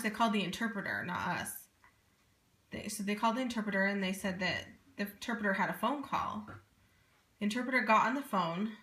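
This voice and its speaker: Woman, 30s, bright voice, earnest and animated telling her own story, roomy echo. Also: medium pitch. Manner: earnest, animated, many asides. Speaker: parent telling a personal story. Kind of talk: casual first-person storytelling. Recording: echoey room.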